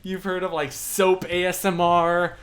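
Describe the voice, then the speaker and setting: A man's voice: sits high, completely flat delivery, unhurried, fairly bright tone, clear, resonant tone. A young man hosting a livestream, chatting playfully and answering viewer comments with self-deprecating humor. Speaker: livestream host. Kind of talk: casual livestream chat, reading comments.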